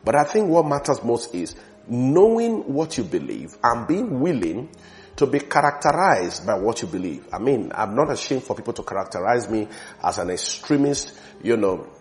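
A man's voice: mid-range voice, sing-song, normal speed. A man preaching a sermon in an earnest, repetitive way, often restarting his words and building emphasis.

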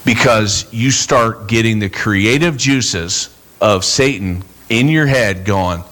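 A man preaching a sermon as a pastor, casual and animated, acting out the people in his stories. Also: fairly low pitch, slow. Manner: animated, acts out quoted voices, bursts into shouts.

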